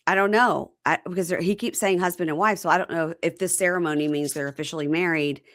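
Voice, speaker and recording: Low-voiced woman, animated storyteller. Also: fast, dry recording, clean studio sound. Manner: animated storyteller, acts out scenes. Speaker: podcast host recapping reality TV. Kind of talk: casual chat.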